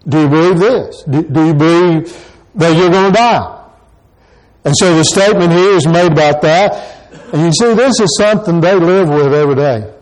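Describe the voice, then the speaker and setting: A man's voice: fairly high pitch, moderate pace, darkish tone, low-quality recording. A pastor preaching a sermon to his congregation, pressing the same questions again and again. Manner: repeats rhetorical questions to the congregation.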